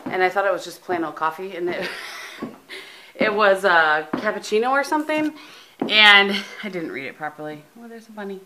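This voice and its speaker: A tired, sleepy middle-aged American woman chats casually in a home vlog, rambling with frequent ums. Her mid-range voice has lively intonation at a normal speed, captured on a camera mic with a noisy background.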